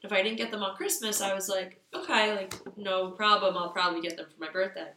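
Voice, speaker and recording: A woman's voice: mid-range voice, brisk, sharp tone, roomy sound, slight background noise. A young woman in her twenties co-hosting a casual chat, telling rambling stories with lots of fillers. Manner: rambling storyteller, many fillers. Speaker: podcast co-host.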